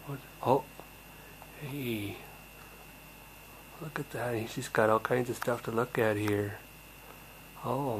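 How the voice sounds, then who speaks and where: A man's voice: mid-range voice, fairly even intonation, measured pace, long pauses, a little hiss or hum, poor audio. A young man, a parent, narrating a home video in cooing baby talk with little gasps.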